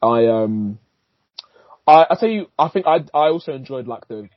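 A man's voice: medium pitch, expressive, moderate pace, no echo. A man co-hosting a casual film podcast, talking loosely with many fillers and short agreements. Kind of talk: casual film review chat. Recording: dull lo-fi sound, dry.

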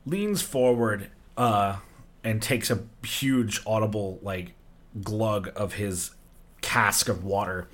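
A man narrating as game master of a tabletop game, relaxed and hesitant with many fillers. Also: lowish voice.

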